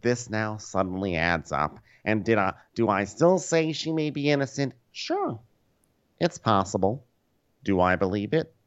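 A man's voice: on the low side, very animated, measured pace, clean tone. Sly male podcast host, dull lo-fi sound. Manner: sly, insinuating jokes. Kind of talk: comedic TV recap chat.

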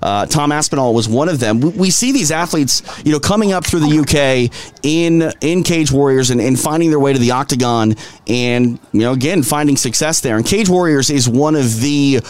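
A man's voice: medium pitch, normal speed, clear, resonant tone. A man with a Minnesotan accent co-hosting a casual sports podcast, rambling through fillers and restarts. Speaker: podcast co-host.

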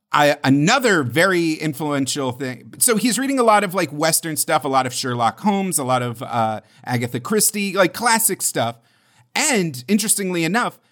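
A man's voice: a little high, fairly bright tone. A man co-hosting a podcast, talking enthusiastically about games with lots of fillers. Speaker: podcast co-host. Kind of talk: casual chat about game history.

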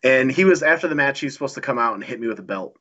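Man, animated storyteller, casual chat, swears a lot, mid-pitched voice, slightly dull sound. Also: very fast. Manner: animated storyteller, swearing, acting out quoted dialogue. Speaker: guest wrestler.

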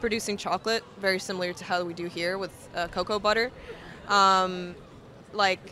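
A woman's voice: medium pitch, steady tone, normal speed, pushed and bright, slight background noise. A woman from Russia with an American accent, chatting frankly and laughing easily in a casual street interview.

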